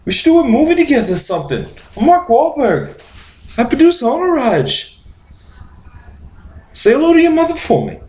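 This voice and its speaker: A squeaky, shrill-pitched movie star, all chummy and pushy, fawning over whoever he meets. The voice jumps way above a normal male register, and the room around it rings with echo. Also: very animated, moderate pace, long pauses, a little mellow. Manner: squeaky high put-on voice, repetitive pitch lines. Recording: roomy echo.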